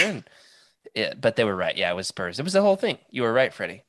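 A podcast host leading a casual chat, wry and animated, handing out turns. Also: medium pitch, fast.

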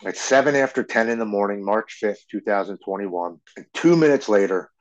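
A man in his forties telling his own story as a podcast guest, earnest and halting, often restarting his sentences. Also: lowish voice, lively intonation, lo-fi sound. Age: 40s. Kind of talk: personal recovery story.

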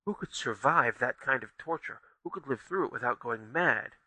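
A man narrating a fantasy story in a steady, vivid audiobook reading. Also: medium pitch, moderate pace, breathy edge, no room sound, rough recording.

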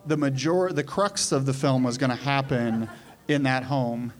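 A man, a filmmaker guest, telling in an earnest, measured way how the film was made. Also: mid-range voice. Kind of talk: casual chat.

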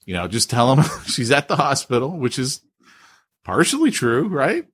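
A man co-hosting a casual podcast, emphatic and animated. His pitch is mid-level but swings widely as he talks. He talks to his co-host in a loose, chummy way. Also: moderate pace, slightly rough. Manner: animated, emphatic, says "dude" a lot. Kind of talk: casual chat.

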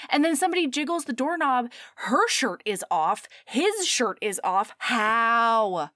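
A woman co-hosting a casual chat, giggly and animated as she recaps a story and playfully voices its characters. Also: high voice, moderate pace, hardly any pauses, no echo, studio quality. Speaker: podcast co-host.

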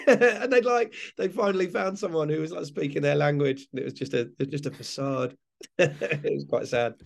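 A man's voice: fairly high pitch, fairly even intonation, fairly quick, gravelly. An English man, a comedian, chatting in an interview, rambling and restarting with frequent laughs. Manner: rambling, self-correcting, laughs often. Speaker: comedian guest. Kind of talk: casual interview chat.

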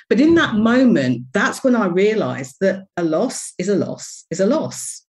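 A business coach appears as an interview guest, telling personal stories candidly and expressively in a reflective way. Her voice is on the low side and a little mellow, with big pitch swings. She talks a little slowly, with few pauses.

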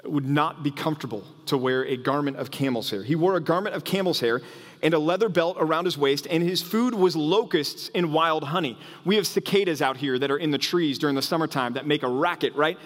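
A man preaching a sermon as pastor, in an animated way that often restarts phrases. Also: fairly high pitch, fairly quick, long reverb tail. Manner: animated, acts out quoted voices, frequent restarts.

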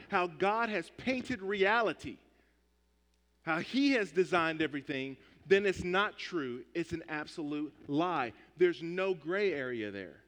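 A male pastor delivers a sermon in an emphatic, conversational way, driving his points home by repeating them. His voice is high and very animated, swinging widely in pitch. The sound rings out with a long reverb in a big hall.

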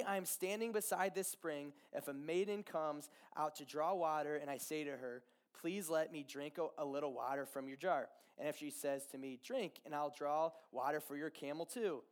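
A young man whose voice sits on the high side tells a Bible story during a casual sermon. He's animated, dropping in fillers and asides and briskly acting out what the characters say.

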